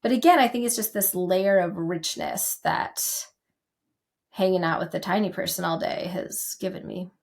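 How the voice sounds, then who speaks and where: A woman co-hosting a podcast in casual chat, talking in quick, animated bursts as she reflects. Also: lowish voice, vocal fry. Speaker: podcast co-host.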